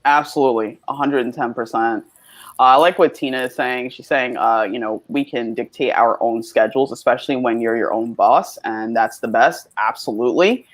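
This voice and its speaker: A woman co-host in casual podcast chat, enthusiastic and slangy, with quick laughs. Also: extremely low pitch.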